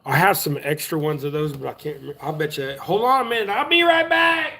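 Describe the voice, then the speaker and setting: A chatty man with a drawl rambles easily through a live stream. His voice sits a little higher than most men's, and he talks in a relaxed, offhand way. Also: fast, creaky. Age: adult. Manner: chatty, drawling, easygoing, talks while working with his hands. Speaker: livestream host. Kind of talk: casual rambling livestream chat.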